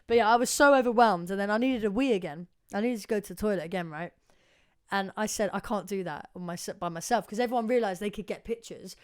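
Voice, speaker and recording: A young woman co-hosting a podcast, telling stories in a chatty, animated way and swearing freely. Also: medium pitch, fast, smooth. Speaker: podcast co-host. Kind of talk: casual chat.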